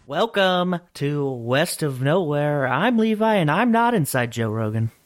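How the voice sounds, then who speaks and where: A man's voice: fairly high pitch, expressive, measured pace. A man co-hosting a casual comedy podcast, joking crudely and rambling between laughs. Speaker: podcast co-host.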